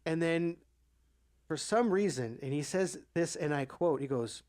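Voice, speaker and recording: A man co-hosting a podcast, telling a story in casual chat, animated, acting out the quoted voices and swearing freely. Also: on the high side, unhurried. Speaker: podcast co-host.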